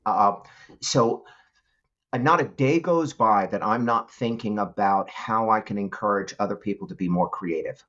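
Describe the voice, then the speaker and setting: A middle-aged man, a guest entrepreneur, giving an animated storytelling answer with frequent laughs and restarts. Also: on the low side, normal speed, lo-fi sound.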